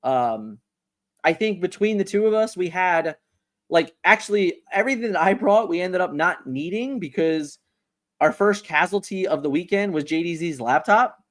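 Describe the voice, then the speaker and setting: Man, livestream host, casual chat, rambling, animated, slightly high voice. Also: moderate pace. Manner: rambling, repeats words, animated.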